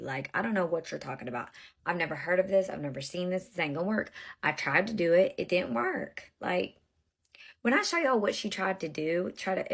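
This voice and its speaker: A woman in her thirties tells her own story in a casual monologue, speaking bluntly, profanely, and with exasperation straight to viewers, whom she calls y'all. Her voice is fairly low with vocal fry, a fairly bright tone, and slight roughness.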